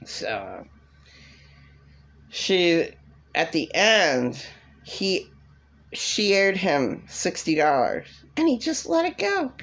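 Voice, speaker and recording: A woman's voice: medium pitch, expressive, slow pace. A woman rambling through an agitated, repetitive rant to camera in a vlog. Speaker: vlogger.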